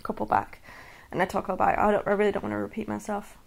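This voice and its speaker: Candid woman with a creaky voice. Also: mid-range voice, level tone, very fast. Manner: candid and earnest, many restarts and soft laughs. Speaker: podcast host. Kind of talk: personal monologue.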